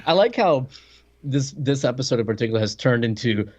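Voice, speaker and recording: A man's voice: mid-range voice, lively intonation, brisk. A man co-hosting a podcast, joking around casually and often restarting his sentences. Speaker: podcast co-host. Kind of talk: casual chat about a cartoon.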